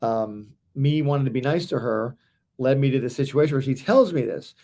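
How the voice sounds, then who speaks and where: A man with a gravelly, slightly rough voice talks casually about faith and everyday life. He tells his stories in a loose, rambling way, full of ums and restarts. His pitch sits at an ordinary middle height for a man. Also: moderate pace, dark tone. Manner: rambling anecdotal telling with fillers. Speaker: co-host of a Christian talk stream. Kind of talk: casual faith talk and storytelling.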